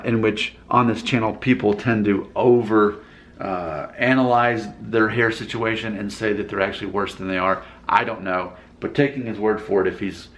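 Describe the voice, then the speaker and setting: A man casually rambling as he reacts to viewer comments in his vlog, often breaking into laughter. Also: lowish voice.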